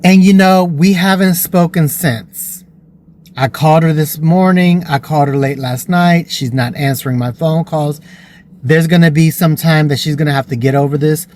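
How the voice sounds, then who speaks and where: A man's voice: on the high side, moderate pace, darkish tone. Earnest man telling a personal story. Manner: earnest and emotional. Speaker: vlogger.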